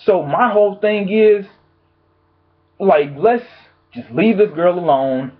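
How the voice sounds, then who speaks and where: A man talks straight to camera from his home, giving blunt, profane opinion commentary with an exasperated edge. His voice sits slightly high and sounds husky. The audio is thin and phone-like. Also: lively intonation, slow. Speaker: vlogger.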